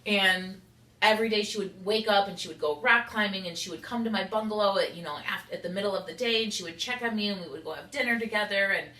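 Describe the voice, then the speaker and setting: A woman's voice: medium pitch, quick pace, hardly any pauses, pushed and bright. A young woman rambling candidly in an unedited confessional vlog, saying "like" a lot. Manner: rambling, candid, heavy use of "like". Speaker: vlogger. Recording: echoey room.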